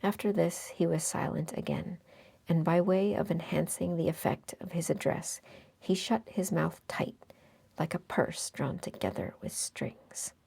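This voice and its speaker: A woman narrates an old novel in a breathy near-whisper. Her low voice has a gravelly, husky grain. She reads slowly, letting each phrase settle. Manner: hushed, breathy, unhurried. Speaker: audiobook reader.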